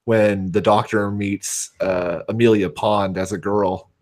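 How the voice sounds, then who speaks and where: West Coast American man, lowish voice, hesitant casual chatter. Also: fairly even intonation, a little mellow. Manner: hesitant, halting, many uh fillers. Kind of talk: casual chat.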